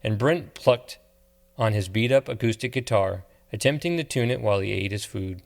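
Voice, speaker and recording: Male audiobook narrator, lower voice, measured delivery. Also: creaky. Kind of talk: scripted narration.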